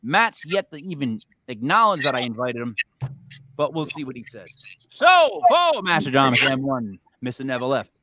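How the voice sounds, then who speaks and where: Animated podcast host, lively pitch. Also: male voice, normal speed, noisy background. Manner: animated, swears when ranting. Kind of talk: casual sports podcast chat.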